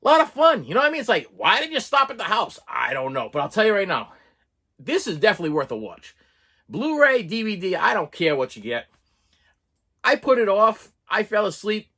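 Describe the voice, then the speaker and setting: A man giving a rambling, animated horror movie review, mocking the characters in put-on voices. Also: high voice, brisk.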